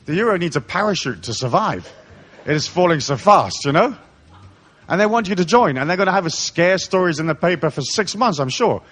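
A middle-aged man from England, raised in Africa, rants at a live talk with a lively, swooping voice that sits a little high. He swears freely, mocks as he goes and slips into comic voices. He speaks as a spiritual lecturer. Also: fairly quick. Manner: profane, mocking, comic rant with put-on voices.

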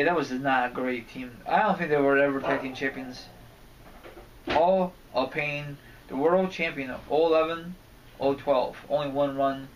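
A man giving a rambling, casual rant as a wrestling fan vlogger, cursing and getting irritated as he goes. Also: mid-range voice. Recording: distant mic, faint background noise.

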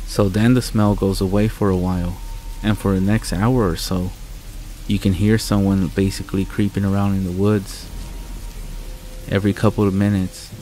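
Male horror narrator, deep and monotone, blunt and profane, rain and soft music behind. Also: low-quality recording. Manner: blunt, swearing first-person storytelling. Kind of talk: scripted narration of a true horror story. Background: soft music and rain sounds.

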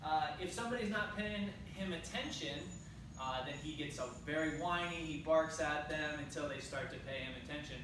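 Man dog trainer, echoey and distant. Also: moderate pace. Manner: friendly, praises dog in high sing-song bursts. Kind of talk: casual video talk. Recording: echoey, far from mic, noisy background.

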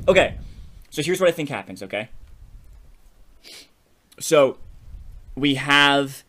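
A man co-hosting a podcast in a loose, animated brainstorming chat. His voice sits at an ordinary middle pitch, and he laughs often as he rushes through ideas, checking in with his partner as he goes. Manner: animated, laughs often, keeps saying "you know what I mean". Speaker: podcast co-host. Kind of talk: casual creative brainstorming chat.

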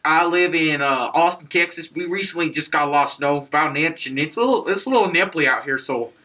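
A man's voice: fairly high pitch, fast talker, pushed and bright, recorded from a distance. A young man playing a rambling, shivering Texan local. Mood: bumbling. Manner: rambling, stumbling over words, breaking into laughs. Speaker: street interviewee. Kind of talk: improvised comedy sketch.

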